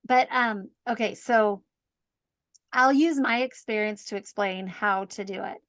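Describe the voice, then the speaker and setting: A woman guest on a podcast, telling a personal story in an animated, self-mocking way and laughing often. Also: medium pitch, a little slow, dry recording. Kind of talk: casual storytelling.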